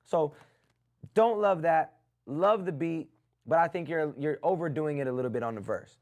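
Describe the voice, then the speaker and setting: A man hosting a live music review stream, giving blunt critiques and shouting out viewers in the chat. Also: on the high side, moderate pace. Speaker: music review livestream host. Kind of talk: casual live-stream commentary.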